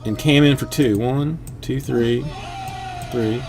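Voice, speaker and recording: A man's voice: medium pitch, measured pace, music in the background. A man hosting a live sports card break stream, chatting casually with viewers in a rambling, self-deprecating way while he works to sell spots. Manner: hustles buyers to fill spots.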